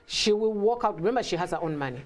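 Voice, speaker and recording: A woman guest in a casual talk, telling stories with lively acted-out quotes and frequent laughter. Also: mid-range voice, fast talker. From Africa. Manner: animated storytelling, acts out quotes, laughs often. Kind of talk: casual conversation.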